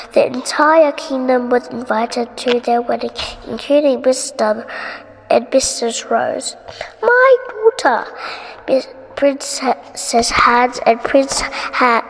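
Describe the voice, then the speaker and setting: A woman from Indonesia reads a bedtime fairy tale aloud at a slow, careful pace, stopping now and then to restart a word. Her voice is high with a gravelly edge. A long reverb and faint hiss sit behind her. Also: steady tone. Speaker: storyteller. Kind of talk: bedtime story read-aloud.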